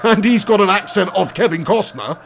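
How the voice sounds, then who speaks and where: A man's voice: high voice, lively intonation, normal speed, vocal fry, a little hiss or hum. A young man, a gaming streamer, chatting casually on a live stream, laughing often and reading out chat messages.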